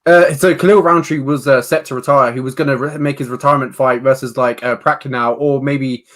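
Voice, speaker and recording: A man co-hosting a live MMA preview show, quickly rattling off fighters, records and matchups. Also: medium pitch, steady tone, a bit bright. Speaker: podcast co-host. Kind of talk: casual MMA chat.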